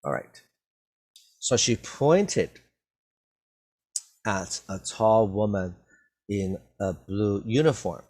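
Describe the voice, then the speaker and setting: Slow, patient man teaching English. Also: on the low side, lively intonation, a little mellow. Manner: patient, repeats words and says "okay?" after each point. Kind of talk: slow reading lesson for learners.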